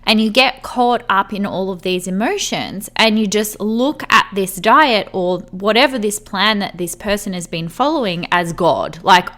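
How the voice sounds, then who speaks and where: A woman's voice: mid-range voice, a little slow, few pauses, a bit bright. A woman hosting a podcast in a casual, chatty way, saying "like" a lot and acting out what friends might say. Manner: chatty, fills speech with "like"; acts out imagined friends' voices. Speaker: podcast host.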